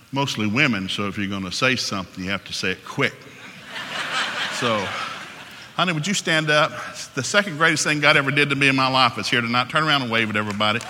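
A man in his sixties with a Southern US accent, preaching a joking, folksy sermon quickly in a large church hall. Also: medium pitch, background noise. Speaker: pastor. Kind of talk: humorous sermon.

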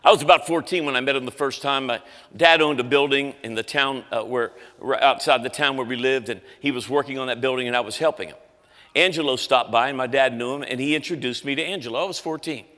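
A man preaching a story-driven sermon, animated and acting out the voices of people in his story. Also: medium pitch, quick pace, big-room sound.

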